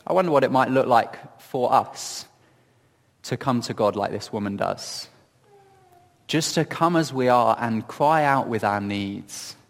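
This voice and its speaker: A man giving reflective Bible teaching in a gentle, earnest storytelling manner, often asking questions of his listeners. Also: medium pitch, a little slow, big-room sound. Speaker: preacher.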